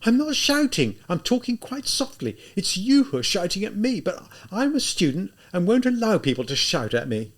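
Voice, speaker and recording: A man's voice: on the high side, sing-song, normal speed, gravelly, heavily acted. A man voicing a feverish young student who answers back indignantly, in an audiobook reading. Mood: defiant.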